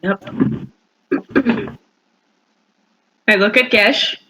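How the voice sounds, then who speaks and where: A woman's voice: mid-range voice, drawn-out words, sharp tone, recorded from a distance, slight background noise, low-quality recording. A woman playing a tabletop game, describing her character's moves in a matter-of-fact way. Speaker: player.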